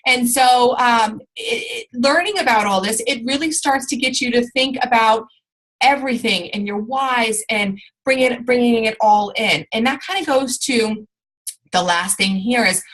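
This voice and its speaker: A woman's voice: a little high, a bit bright, poor audio. A woman giving an informal training talk to her sales team, rambling along with lots of fillers and restarts.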